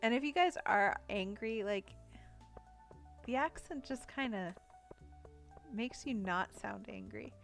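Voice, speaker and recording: Slow, giggly woman streamer. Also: medium pitch, expressive, creaky, faint music behind. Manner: giggly, chatty, reads chat aloud. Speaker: game streamer. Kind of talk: casual live-stream chat.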